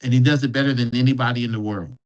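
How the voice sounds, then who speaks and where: Guest speaker, man, mid-pitched, casual anecdotal delivery with restarts, muffled lo-fi audio. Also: steady tone, very fast. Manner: restarts and repeats words while telling a story. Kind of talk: conversational storytelling.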